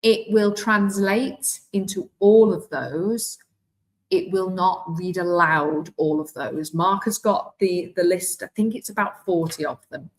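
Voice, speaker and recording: Welsh woman, teacher trainer, live demo, fairly low voice, chatty and self-deprecating. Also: measured pace, poor audio. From Wales. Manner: chatty, self-deprecating, thinks aloud while clicking. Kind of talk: live online software demonstration.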